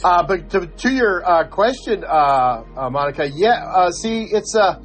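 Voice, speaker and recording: A man's voice: high-pitched, lively intonation, measured pace, fairly bright tone, faint music behind. An older man, a podcast co-host, telling a story in casual chat, chuckling and acting out the quoted voices.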